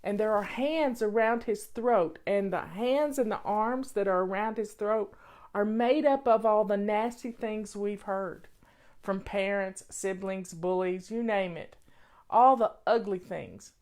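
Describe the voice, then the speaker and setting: A woman's voice: medium pitch, measured pace, darkish tone. A woman talking casually to her viewers at home over afternoon tea, earnest and repeating her points for emphasis. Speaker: vlogger. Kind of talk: casual talk to camera.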